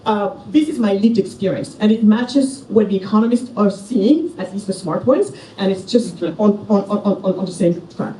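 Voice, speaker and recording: A woman's voice: medium pitch, normal speed, few pauses, dark tone, slight background noise. A middle-aged woman from Senegal giving a passionate, personal keynote speech at a conference. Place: large conference hall. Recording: echoey hall from far off, faint ambience.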